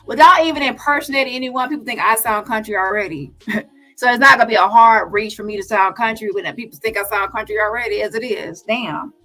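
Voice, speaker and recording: A woman's voice: fairly high pitch, bright, forceful tone, poor audio. A woman hosting a commentary stream, confronting her viewers in a heated, challenging way. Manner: confrontational, addresses viewers as y'all. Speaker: commentary channel host.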